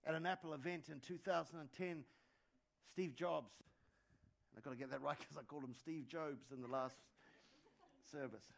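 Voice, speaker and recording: Male pastor, fairly high voice, conversational sermon delivery with stacked repeats for emphasis. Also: creaky. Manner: conversational preaching with quick asides and dad jokes; repeats words when building emphasis.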